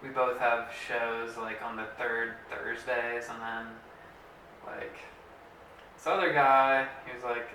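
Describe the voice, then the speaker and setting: Young male co-host, rambling and halting, bright tone, distant mic in an echoey room. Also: mid-range voice, level tone. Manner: rambling, halting speech with many fillers. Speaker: podcast co-host. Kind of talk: casual comedy podcast chat. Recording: roomy echo, mic at a distance, faint hiss.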